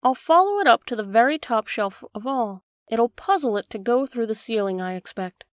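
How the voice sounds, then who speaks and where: A woman's voice: a little high, lively intonation, normal speed, no echo, clean studio sound, close to an everyday voice. A woman voicing a polite, wondering seven-year-old girl in a storybook reading. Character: young girl, polite and puzzled.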